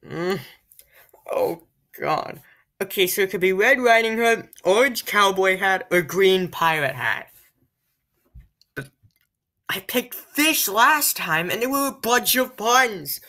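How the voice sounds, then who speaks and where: Lively, unhurried woman gaming YouTuber. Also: mid-range voice. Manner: chatty, muttering to herself while choosing. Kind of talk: casual game commentary.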